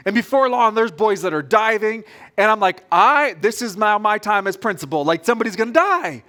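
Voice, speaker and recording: A man preaching a sermon as pastor, telling a story in an animated, direct way. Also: sits high, fairly quick.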